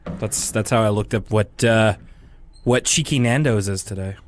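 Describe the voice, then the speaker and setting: A man's voice: on the low side, normal speed, slight background noise. A man in his thirties from Canada co-hosting a podcast, chatting casually with dry, self-mocking humor. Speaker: podcast co-host. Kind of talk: casual chat.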